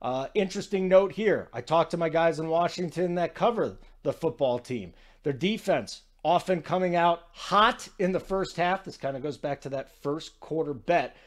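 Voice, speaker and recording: A male sports talk host with a slightly high voice chats energetically about games and bets. He talks casually and digressively, like he is telling the audience a story. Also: expressive, moderate pace, few pauses. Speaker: sports betting show host.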